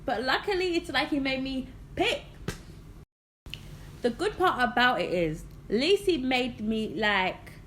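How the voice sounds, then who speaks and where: A young woman recounts a story on her vlog. Her voice is fairly high and bright, and she talks slowly with lots of animated expression. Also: slight background noise. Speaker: vlogger.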